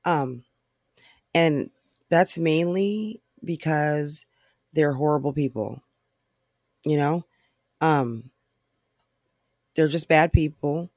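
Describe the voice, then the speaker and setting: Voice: medium pitch, a little mellow, dry recording, studio quality. A podcast host ranting alone in blunt, profane, frustrated talk full of fillers. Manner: fast talker. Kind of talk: casual solo rant.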